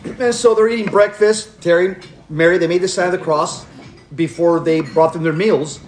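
An older man giving a lively sermon as preacher and radio host, telling stories and acting out the voices in them. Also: high-pitched, normal speed. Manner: animated, acts out quoted voices. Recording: echoey room with faint noise.

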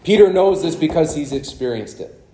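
A man in his thirties preaching a sermon to a live congregation in a church, animated and conversational, often checking in with "okay?" and "right?". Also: on the high side, moderate pace.

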